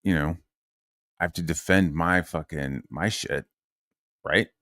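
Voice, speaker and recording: A man's voice: low-pitched, a little slow, bright, forceful tone, no room sound, clean studio sound. A man from Virginia, a channel host, telling a long profane, agitated story with many fillers and restarts. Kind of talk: casual ranting monologue.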